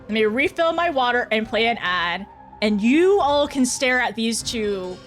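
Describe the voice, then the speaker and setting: Game streamer, young woman, high voice, slow easygoing chat with viewers, faint music behind. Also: animated, a bit bright. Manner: flustered, laughs often, talks to chat. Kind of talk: casual live-stream chat while gaming.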